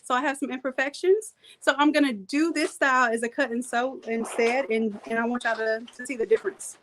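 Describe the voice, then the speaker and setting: High-voiced woman instructor, joking chatty teacher for a live demo class. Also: steady tone, brisk, a bit bright, slight background noise, rough recording. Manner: playful, chatty, joking with viewers. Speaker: design and printing instructor.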